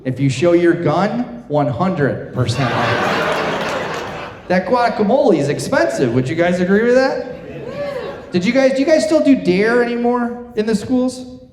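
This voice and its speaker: A middle-aged man doing stand-up on a theater stage, his voice sitting high for a man. He tells self-deprecating stories and chats with the crowd. The hall rings with long, roomy reverb around his mic. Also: very animated, measured pace. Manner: chatty self-deprecating storytelling with crowd work. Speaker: stand-up comedian. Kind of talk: stand-up comedy set. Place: theater stage before a live audience.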